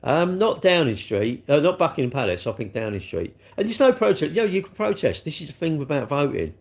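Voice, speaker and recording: A man's voice: fairly high pitch, big pitch swings, a little fast. A man chatting casually on a live stream, answering his viewers in a rambling, sarcastic way with lots of tag questions.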